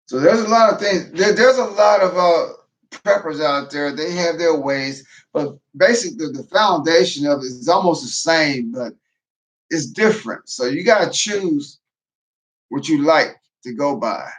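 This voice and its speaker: A man hosting a casual livestream, talking in a tired, low-energy way and often repeating and restarting his phrases. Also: expressive, measured pace. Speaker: livestream host, veteran prepper.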